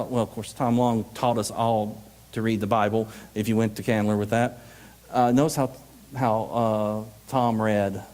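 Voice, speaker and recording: A man presents a workshop at a conference, mid-pitched and animated. He jokes freely and slips into mock voices to act out readings. The live hall behind him rings with a long reverb.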